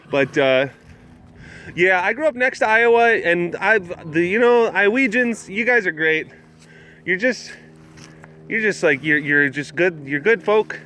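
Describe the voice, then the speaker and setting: A young man from southwest Wisconsin hosting a casual livestream outdoors at an animal compound, joking and reading viewer comments with loud hype and low mumbles. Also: big pitch swings, a little slow. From southwest Wisconsin, USA. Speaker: livestream host at a big cat facility.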